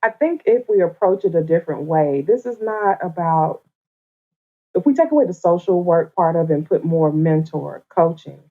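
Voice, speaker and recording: A woman from the Atlanta area, a podcast guest, chatting casually with animated, playful storytelling. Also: fairly low pitch, moderate pace. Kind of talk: casual conversation. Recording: dull lo-fi remote audio.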